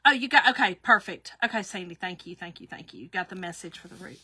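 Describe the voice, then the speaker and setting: A woman's voice: on the low side, quick pace, pushed and bright, husky, no echo. A middle-aged woman hosting a live craft demo, chatty and laughing often as she greets viewers by name. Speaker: craft livestream host.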